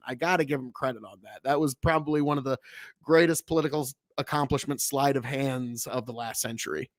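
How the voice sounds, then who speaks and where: A man's voice: a little high, no room sound, clean studio sound. A man from the United States hosting a casual reaction show, talking in a rambling, profane way with many restarts. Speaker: host reacting to a video.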